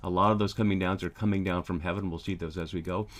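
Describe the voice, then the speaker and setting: Male Bible teacher, slightly low voice, halting lecture pace with frequent fillers. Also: fairly even intonation. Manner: thoughtful, many ums and restarts. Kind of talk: lecture over slides.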